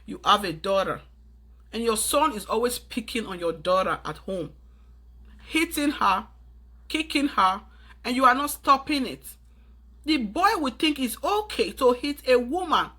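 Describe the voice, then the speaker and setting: A woman's voice: a little high, expressive, a little slow, pushed and bright. A Nigerian woman lecturing her viewers in an urgent, preachy tone, slipping into pidgin phrases. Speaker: vlogger giving advice. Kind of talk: earnest advice monologue to camera.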